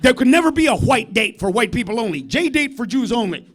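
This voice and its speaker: In a fairly quick, sing-song delivery, a comedian performs live in a club. He's foul-mouthed and confrontational, teasing the audience and moving from low mumbling to loud shouts.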